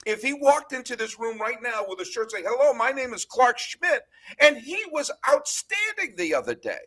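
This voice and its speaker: A man hosting a casual sports podcast, chatting in an animated, storytelling way. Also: very high-pitched, normal speed. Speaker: podcast host.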